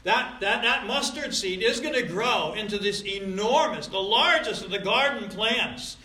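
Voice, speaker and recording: A man preaching in a church sanctuary, his bright, high voice hammering key words and then sinking low for asides. The sermon rings through an echoing room, with faint ambience underneath. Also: animated, a little slow. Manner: emphatic, swinging between loud stresses and quiet asides. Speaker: pastor. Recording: roomy echo.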